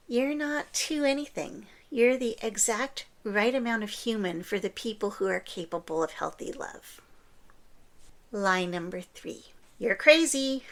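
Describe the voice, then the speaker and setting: A woman hosting a podcast, talking earnestly and encouragingly, often dropping into a breathy whisper. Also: mid-range voice, a little slow, fairly bright tone. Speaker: podcast host. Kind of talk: scripted podcast monologue.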